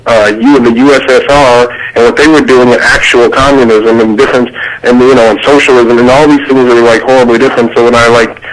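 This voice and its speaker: A man joining a studio discussion in an animated, casual way, often saying "like". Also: medium pitch, fast talker, low-quality recording. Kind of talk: casual chat.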